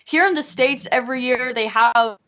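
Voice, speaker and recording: A woman's voice: high voice, normal speed, fairly bright tone. A woman guest in a casual podcast chat, talking as an emphatic, opinionated fan. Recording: slightly muffled lo-fi audio.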